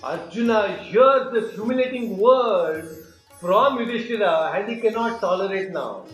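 A man retelling an epic tale in an animated storytelling style, asking his listeners questions. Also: high voice, measured pace. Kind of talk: mythology storytelling. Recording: echoey room with soft music.

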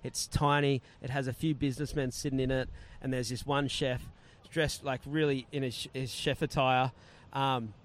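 A man in casual conversation, telling a travel story with lively acted-out quotes. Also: mid-range voice, normal speed, hardly any pauses. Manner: animated, acts out quoted voices.

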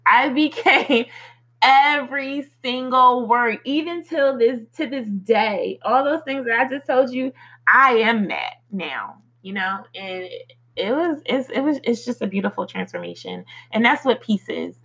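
A woman hosting a motivational podcast, who recites affirmations slowly and earnestly, then talks in a chatty way with fillers. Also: on the high side, sing-song, fairly bright tone, breathy edge, poor audio. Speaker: podcast host.

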